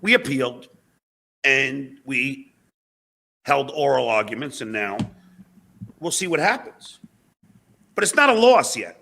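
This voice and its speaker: A man's voice: medium pitch, animated, measured pace, gravelly, pauses often, sharp tone, a little hiss or hum. A man speaking in a hesitant, hedging monologue, guarded in what he says. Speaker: clip subject, podcaster. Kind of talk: casual monologue.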